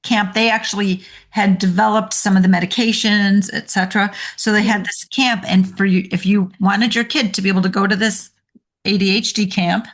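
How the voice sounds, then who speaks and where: A woman coach, a guest on a podcast interview, telling stories in an animated way and laughing often. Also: medium pitch, moderate pace.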